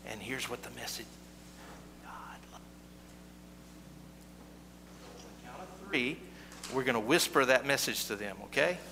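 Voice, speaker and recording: In a church sanctuary, a male pastor leads prayer and gives a playful children's message, speaking at medium pitch with lively intonation and a slightly quick pace. The recording is reverberant, with a faint hum.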